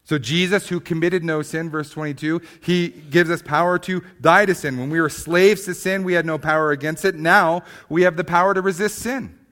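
A man preaching a sermon, swinging from emphatic, rising passages to quiet, slow stresses, often restarting on repeated words. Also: fairly high pitch, fairly even intonation. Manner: emphatic preaching, rising loud then dropping to hushed. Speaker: pastor.

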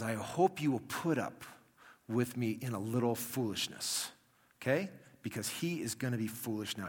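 Husky man teaching a Bible lesson. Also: mid-range voice. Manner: reads scripture aloud with lively emphasis, adds wry asides. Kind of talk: classroom lecture with slides.

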